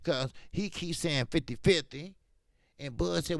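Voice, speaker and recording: A man whose voice runs on the high side, with vocal fry, keeps a measured pace in a dry, clean studio recording. Hosting a casual boxing talk stream, he's animated, emphatic and drifts into slang.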